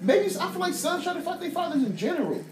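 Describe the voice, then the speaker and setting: A young man from Ohio co-hosting a podcast, telling stories in a loud, profane, animated way and laughing often. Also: very high-pitched, fast. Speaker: podcast co-host. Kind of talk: casual chat. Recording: echoey room with music behind.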